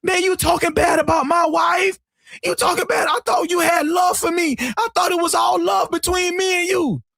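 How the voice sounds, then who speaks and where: Guy putting on a high whiny wounded dude, voice jumping way up, dry close sound. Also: steady tone, moderate pace, creaky, bright, forceful tone, no room sound, raised voice, heavily acted. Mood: pleading. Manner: high pleading whine. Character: whiny upset grown man on the phone.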